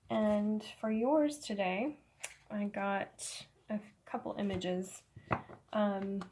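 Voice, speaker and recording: A woman giving a casual tarot reading, slightly hoarse, with halting speech full of fillers and soft laughs, in an indoor room. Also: mid-range voice, noisy background. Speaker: tarot reader. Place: indoor room with incense smoke.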